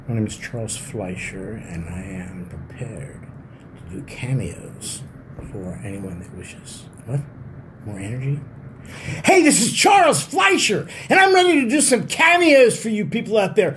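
An older man recording a rambling video greeting, talking to an unseen caller as if on the phone, swinging between loud and hushed. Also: high voice, wildly swooping pitch, unhurried, slight background noise. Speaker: comedian recording video shout-outs.

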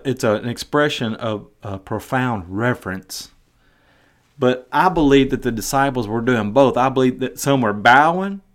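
A man teaching a Bible passage on his podcast, earnest, acting out the quoted voices, with some stumbling restarts. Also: medium pitch. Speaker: podcast preacher.

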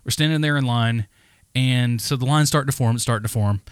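A man co-hosting a podcast, telling a story in a casual, animated, heavily profane rant. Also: mid-range voice, brisk, clear, resonant tone, no room sound, clean studio sound. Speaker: podcast co-host.

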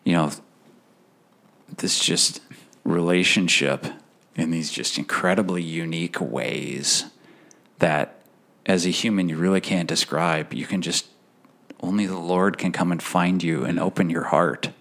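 A man telling an emotional personal faith story as a podcast guest, earnest, laughing softly between phrases, with halting restarts. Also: low-pitched, steady tone, creaky.

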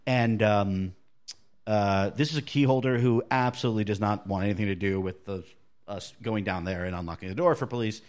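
A man with a fairly low voice co-hosts a relaxed podcast. He tells stories in a loose, rambling way and keeps restarting his sentences. His delivery stays conversational throughout. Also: a little fast. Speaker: podcast co-host. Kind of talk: casual chat, storytelling.

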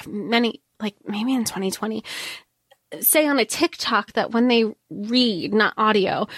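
A woman's voice: medium pitch, fairly bright tone, no room sound, clean studio sound. A woman co-hosting a podcast, chatting casually about a book, rambling and hedging with many fillers and restarts. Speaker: podcast co-host. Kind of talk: casual book-review chat.

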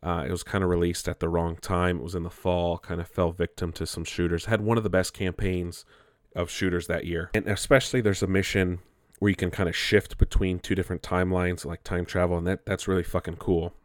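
A man's voice: deep voice, little pitch movement, brisk, no echo, clean studio sound. A man giving casual, rambling commentary, often restarting his sentences and swearing offhand. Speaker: gaming commentator.

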